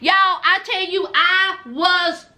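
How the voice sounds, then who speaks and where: A woman's voice: very high voice, fairly even intonation, slow, bright, forceful tone. A woman, recapping a reality show in a blunt, sassy way to her viewers. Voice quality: thick accent. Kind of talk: casual recap vlog.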